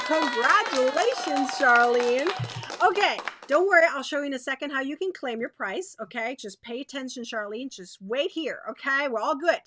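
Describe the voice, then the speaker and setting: A woman's voice: high-pitched, lively intonation, normal speed, pushed and bright. A woman hosting a live crochet stream, chatting straight to her viewers in a bubbly way, repeating herself and laughing often.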